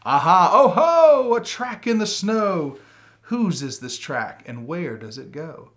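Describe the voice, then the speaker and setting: A man reading a picture book aloud, voicing a bold young girl gruffalo who exclaims in a loud sing-song chant. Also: mid-range voice, animated, measured pace, close to an everyday voice. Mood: excited, chanting. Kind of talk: storybook read-aloud.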